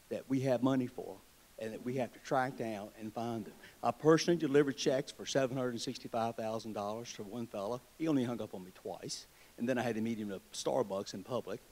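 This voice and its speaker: A man with a Southern US accent addresses a convention crowd from the podium. He tells his stories in a folksy, wry, joking way. His voice sits at an average pitch for a man. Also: brisk, darkish tone. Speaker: state treasurer giving a convention speech. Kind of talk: political speech with folksy storytelling. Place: convention hall.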